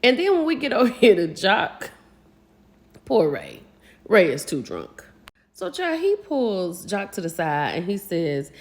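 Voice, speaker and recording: A woman's voice: on the high side, normal speed, gravelly. A woman, chatting casually as she recaps a reality show, gossiping and acting out what people said. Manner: animated, gossipy, acts out quotes.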